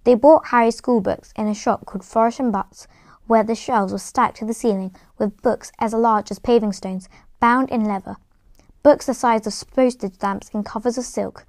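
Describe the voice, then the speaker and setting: A woman's voice: fairly high pitch, fairly even intonation, normal speed, darkish tone, dry recording. Woman narrator reading a book aloud; unpolished, occasional restarts, dry close recording. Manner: plain storytelling with occasional stumbles and restarts. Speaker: reader.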